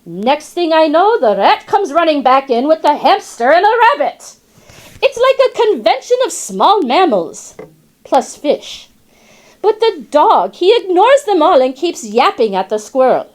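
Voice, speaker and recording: A woman's voice: high-pitched, sing-song, a little slow. A woman voicing a chatty, wry female classroom parrot in storybook narration, slipping into rhymes and Spanish words. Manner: rhyming, sly asides, tosses in Spanish words.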